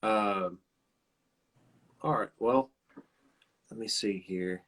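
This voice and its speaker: Tired, low-voiced man hosting a video chat. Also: a bit bright, low-quality recording. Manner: halting, many fillers and restarts. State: tired, sleep-deprived. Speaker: host. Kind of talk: casual chat over live video.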